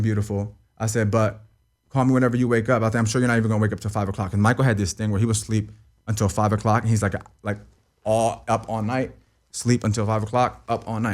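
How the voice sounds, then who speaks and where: A young man telling a painful personal story as an interview guest. He rambles, repeats himself, swears and keeps asking "you know what I mean.". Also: on the low side. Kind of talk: emotional personal account in an interview.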